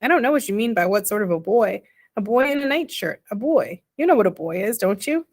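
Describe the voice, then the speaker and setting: A woman reading the part of a small, homely father who explains things slowly in plain, ungrammatical speech. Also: mid-range voice, animated. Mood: defensive. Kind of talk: audiobook character reading.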